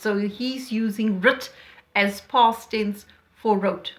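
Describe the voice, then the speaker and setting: A woman teaching a poetry lesson, talking slowly and deliberately and reading lines aloud with emphasis. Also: fairly high pitch, lively intonation, fairly bright tone.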